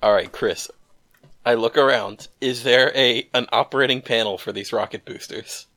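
Bright-voiced eager young player. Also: male voice, mid-range voice, normal speed. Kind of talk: casual game chat.

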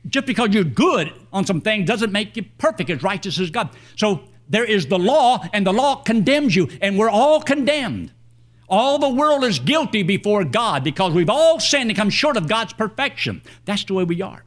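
An older man preaching a sermon, telling a personal story in a folksy, animated way. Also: high-pitched, normal speed.

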